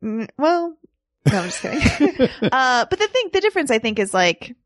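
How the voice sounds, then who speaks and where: A woman's voice: high voice, big pitch swings, normal speed, no echo. A woman in her thirties, co-hosting a casual movie podcast, who chats freely, laughs often and trails off mid-thought. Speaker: podcast co-host.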